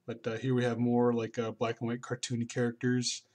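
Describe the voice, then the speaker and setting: A man talks casually through his old sketchbook at a medium pitch. He rambles, stops and restarts often, filling gaps with "um" and "like". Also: completely flat delivery, fairly quick, darkish tone. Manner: rambling, many fillers and restarts. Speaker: artist vlogger.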